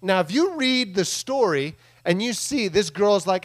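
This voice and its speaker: A pastor delivers a casual, playful sermon in a church room, his voice sitting a little high for a man. Chatty and full of asides, he jokes, stays animated and keeps slipping into quick impressions of the people in his story.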